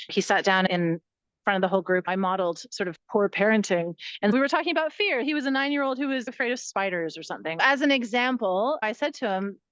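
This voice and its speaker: A woman's voice: medium pitch, fairly bright tone, no room sound, highs cut off. A woman co-hosting a podcast, talking reflectively and telling stories from her own workshops. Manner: reflective, storytelling with examples. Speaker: podcast co-host. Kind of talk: casual conversational chat.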